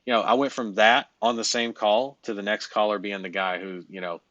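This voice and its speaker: A blunt man with a lowish voice talks in a loose, rambling coaching style and peppers it with fillers and swearing. The sound is a bit muffled and dry, with no room around it. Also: little pitch movement, fairly quick, a bit bright, dry recording. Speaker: business coach. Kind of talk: casual coaching talk.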